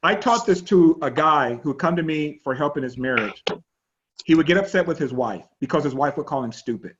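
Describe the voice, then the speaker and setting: A man pastor teaching an online class in a chatty, animated storytelling way over a video call. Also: fairly high pitch, a little fast, background noise. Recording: dull lo-fi online call audio.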